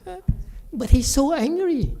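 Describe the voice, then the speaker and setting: Unhurried and very high, with a creaky quality, his voice fills a temple hall during a conversational Buddhist lecture. He speaks with animation and adds chuckling asides for the audience.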